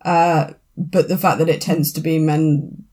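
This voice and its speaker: Lively woman co-host, casual chat. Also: deep voice, unhurried. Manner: lively, laughing, emphatic. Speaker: podcast co-host, sous chef.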